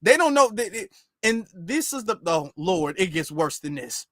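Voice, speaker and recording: A man's voice: sits high, big pitch swings, moderate pace, a bit bright, no echo, studio quality. A man hosting a livestreamed reaction commentary show, sarcastic and repeating his rhetorical questions.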